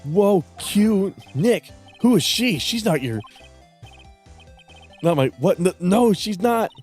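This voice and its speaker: A man voicing a cheerful teenage girl sidekick in a bubbly, excitable way. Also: sits high, slow pace, soft background music, voice pushed up.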